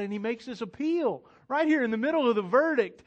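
A man preaching a sermon, swinging between loud emphatic declarations and hushed, intimate appeals. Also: very high voice, lively intonation, fairly quick, hardly any pauses. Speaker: pastor.

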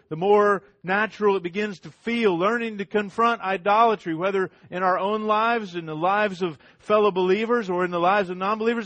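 A middle-aged man preaching a sermon as pastor, swinging between loud emphatic lines and hushed ones, with much repetition. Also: high voice, no room sound, lo-fi sound.

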